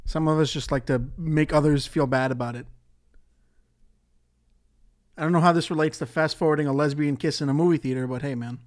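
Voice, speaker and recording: A man's voice: on the high side, steady tone, quick pace. A man hosting a solo podcast in a casual, rambling way, swearing and laughing often. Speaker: podcast host.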